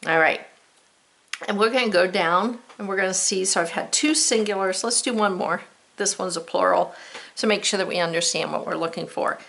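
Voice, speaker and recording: A woman's voice: mid-range voice, moderate pace, gravelly, a bit bright. An American woman teaching a spelling lesson, patiently sounding out words and spelling them letter by letter.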